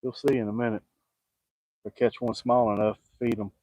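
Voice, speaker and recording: A man's voice: mid-range voice, little pitch movement, fairly quick, darkish tone, no room sound, low-quality recording. A middle-aged man, fishing outdoors and joking as he answers viewers in casual chat. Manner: folksy, joking, talks back to viewer comments. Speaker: fishing vlogger.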